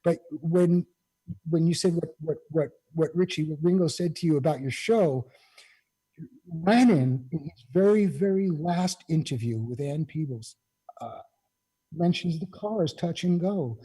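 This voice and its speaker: High, mellow-voiced man telling rock stories. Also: a little slow, breathy edge, poor audio. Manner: rambling, full of "you know" fillers. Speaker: guest musician. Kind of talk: casual anecdote telling.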